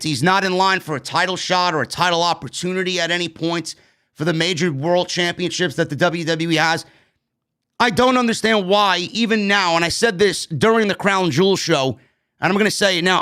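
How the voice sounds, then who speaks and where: A man with a New York accent and a high-pitched, slightly bright voice gives a blunt, profane review of a wrestling show. He sounds exasperated throughout this ranting commentary.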